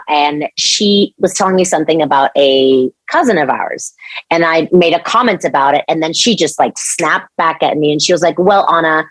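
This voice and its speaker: Low-voiced woman telling a personal story. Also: dry recording. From Mexico. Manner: earnest, animated, many restarts and "like". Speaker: podcast guest. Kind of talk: personal storytelling in a podcast interview.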